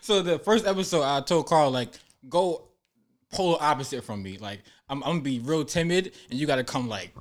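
A man's voice: a little high, lively intonation, fairly quick. A man talking casually about making his web series, loose and laughing often. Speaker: web series creator and actor. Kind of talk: casual podcast chat.

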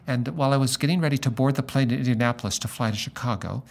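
A middle-aged man, a pastor, talking in a relaxed conversation and telling a story, acting out the lines of the people in it. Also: medium pitch, very fast, vocal fry. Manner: animated storyteller acting out dialogue. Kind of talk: conversational storytelling in a podcast interview.

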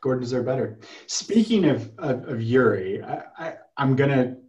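A man's voice: mid-range voice, big pitch swings, normal speed, a little mellow, roomy sound, lo-fi sound. A man co-hosting a casual film review podcast, chatty and mocking film lines by acting them out.

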